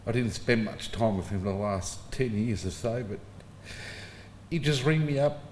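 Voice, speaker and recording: Middle-aged Aussie man, lowish voice, easygoing anecdotal eulogy, roomy hall with faint background hum. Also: expressive, unhurried. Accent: Australian. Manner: casual storytelling, chuckling between anecdotes. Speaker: son giving a eulogy. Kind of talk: informal funeral eulogy. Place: funeral service hall. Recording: echoey hall with faint ambience.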